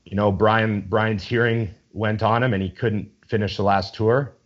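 A man with a fairly low voice talks in loose, rambling casual chat. He is enthusiastic and swears freely. The recording sounds dull and lo-fi. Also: steady tone, normal speed.

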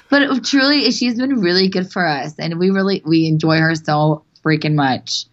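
A woman's voice: fairly low pitch, measured pace. A young adult woman chatting casually as a podcast guest, laughing often and swearing freely. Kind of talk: casual chat. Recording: dull lo-fi sound.

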